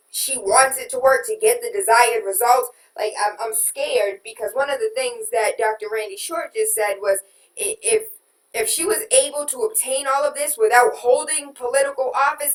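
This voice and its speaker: A woman hosting a radio talk show, reading out listener comments and venting in an exasperated, emphatic way that swings from loud outrage to quiet disbelief. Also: medium pitch. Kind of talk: casual political talk. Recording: roomy and distant from the mic.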